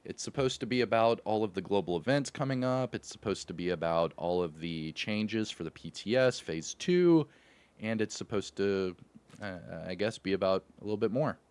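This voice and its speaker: Man, livestream host, fairly low voice, lively swings in pitch, casual slangy chat, hyped. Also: normal speed, clean tone. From Louisville, Kentucky. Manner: upbeat, hyped greetings, laughs often, slangy.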